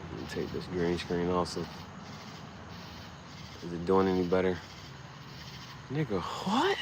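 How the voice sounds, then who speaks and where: A man with a fairly low voice rants on his vlog, cursing freely and rambling from point to point. He gets loud and animated as he talks, and a faint hiss of noise sits under his voice. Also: measured pace, pauses often. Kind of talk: casual ranting vlog. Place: dim room.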